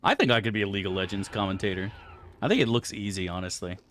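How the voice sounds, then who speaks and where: A man's voice: on the low side, expressive, fast, fairly bright tone, slight background noise. A man chatting casually on a live game stream, crude and profane, rambling through asides to his chat.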